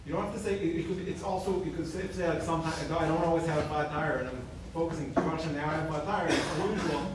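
A man's voice: fairly high pitch, fast, very noisy. A man, a rabbi, earnestly explaining a point in a class discussion. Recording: echoey room from far off, crowd.

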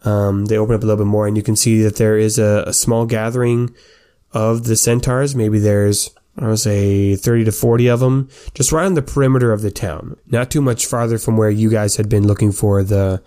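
A man running a tabletop game, narrating casually with lots of fillers. His voice is dark and mellow, easygoing and unpolished. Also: lowish voice, fairly even intonation, fairly quick. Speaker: game master.

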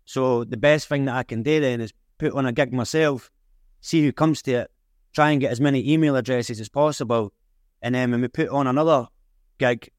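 A man with a broad Edinburgh Scots accent speaks plainly and frankly as an interview guest, in a loose, casual way. His voice is mid-pitched and recorded close and dry. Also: no room sound. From Edinburgh, Scotland. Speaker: guest filmmaker and rapper.

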